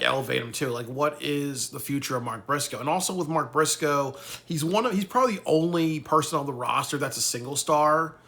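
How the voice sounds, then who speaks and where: A man's voice: on the high side, pushed and bright. A man talking casually in a rambling vlog, swearing freely and tacking "really" onto his points. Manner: rambling, profane, ends thoughts with "really". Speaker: wrestling commentator.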